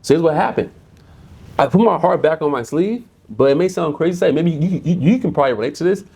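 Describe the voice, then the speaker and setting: A man's voice: on the high side, fast talker, creaky, slightly rough. Middle-aged American man, business guest, chatty storyteller who repeats himself, casual interview. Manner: animated storyteller, repeats words often. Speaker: guest, insurance business owner.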